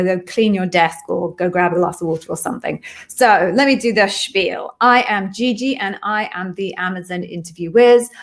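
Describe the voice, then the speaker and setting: A middle-aged woman hosts a live Q&A stream as an interview coach. She talks in a chatty, friendly way and often slips in quick apologetic asides. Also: mid-range voice.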